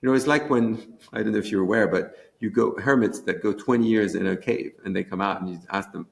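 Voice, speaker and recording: A man's voice: fairly low pitch, fast talker, creaky, hardly any pauses. A man who created a children's feelings program, talking eagerly in a conference interview and restarting his sentences as he goes.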